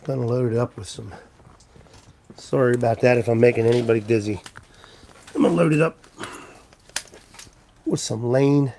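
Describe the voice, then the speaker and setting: A man hosts a loose, unscripted live stream from his home. He rambles and greets viewers by name, with an everyday mid-range pitch. He carries the camera as he walks between rooms, with faint ambience behind him. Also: moderate pace, vocal fry, long pauses, mellow, a little hiss or hum. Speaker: livestream host. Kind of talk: casual live-stream chat. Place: walking around his home.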